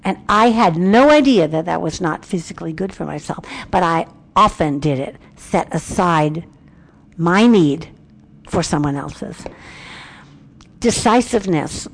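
A woman giving a candid, self-reflective Christian devotional talk with a brisk, emphatic delivery. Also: lowish voice, expressive, vocal fry. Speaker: Christian speaker.

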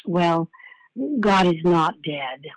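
A woman's voice: fairly low pitch, extremely slow, no echo, low-quality recording. An older woman giving a devotional sermon in a reflective way, often repeating her key phrases. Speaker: preacher.

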